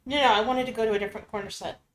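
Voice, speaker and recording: A woman talks casually as a fellow player during a game stream. She is chatty and quick to explain what she meant to do. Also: a little high, fairly even intonation, a bit bright.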